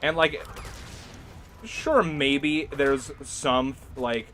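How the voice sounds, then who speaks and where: A young man chatting on a game stream, loose and rambling, laughing often and leaning on filler words. His voice is bright and forceful at a middling pitch. Quiet music plays in the background. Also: very slow. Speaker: gaming streamer. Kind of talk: casual livestream chat while gaming.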